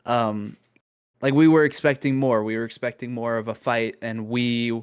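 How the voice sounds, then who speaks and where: A man's voice: mid-range voice, fairly even intonation, moderate pace, clear, resonant tone. A young man co-hosting a podcast, talking through his thoughts in a casual, thoughtful way with lots of fillers. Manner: thoughtful, many fillers and restarts. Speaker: podcast co-host. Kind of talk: casual chat.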